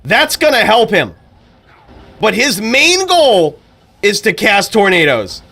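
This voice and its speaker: A man's voice: sits high, big pitch swings, takes it slowly, vocal fry, sharp tone, voice pushed up, heavily acted. A man doing an impression of an overexcited male fight commentator, stating the obvious in hyped play-by-play.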